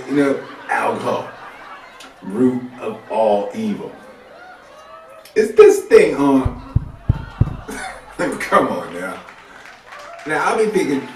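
On a club stage, a man with a mid-range voice delivers comedy in a loose, everyday, conversational manner with spirited swings. The distant mic captures roomy club acoustics along with a little hiss or hum.

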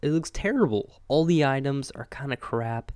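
Excitable young man rambling over gameplay. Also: mid-range voice, moderate pace, clean tone, dry recording. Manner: rambling and excitable, chatting to animals. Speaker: gaming channel host. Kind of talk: casual gameplay commentary. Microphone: close desk microphone.

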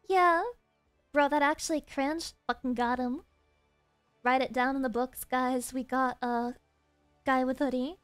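Animated swearing Southern-accented woman streamer. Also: dry recording. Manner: animated, swears a lot, jumps between high playful voices and low mutters. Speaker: game streamer. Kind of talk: casual live-stream chat while gaming.

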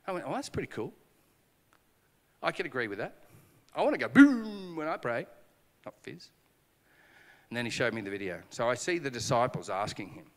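A medium-pitched male pastor preaches at a conference, his voice carrying a big-room sound through the hall. He brings stories to life with acted dialogue and humor at his own expense.

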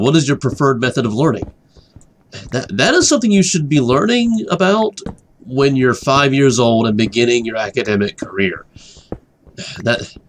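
A man talks at a middling pitch while he plays a game on a desk mic. He rambles, restarts his sentences and wanders off topic, now and then dropping to an excited whisper. A faint hiss sits under the recording. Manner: rambling, repeats words, gets distracted and whispers excitedly. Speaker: gaming commentator. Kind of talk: rambling let's-play commentary.

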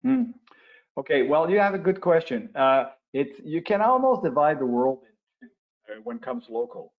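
Older francophone man, expert guest, halting restarts, muffled webinar sound. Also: on the high side, big pitch swings. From Quebec, Canada. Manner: explanatory, with frequent restarts and uh fillers. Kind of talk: webinar interview answers. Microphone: video call. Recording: lo-fi webinar audio.

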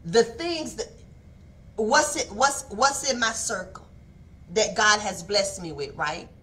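A woman gives a preachy morning devotional, repeating words for emphasis and calling for responses. Her medium-pitched voice is pushed and bright, her pace slow, picked up on an online stream mic.

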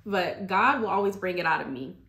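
A woman's voice: fairly low pitch, expressive, fairly quick, fairly bright tone. A woman hosting a ministry talk, giving an earnest personal faith testimony in a conversational way and speaking to listeners as y'all. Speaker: ministry host. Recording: echoey room.

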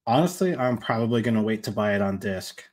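A man's voice: fairly low pitch, animated, fast talker, a little mellow. A man co-hosting a casual live stream, speaking in a laid-back, encouraging way. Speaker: co-host.

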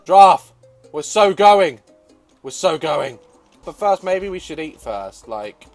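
A young man giving excitable, swearing gameplay commentary, with frequent laughter and shouts. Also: high voice, slow pace, faint music behind. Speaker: gaming video host.

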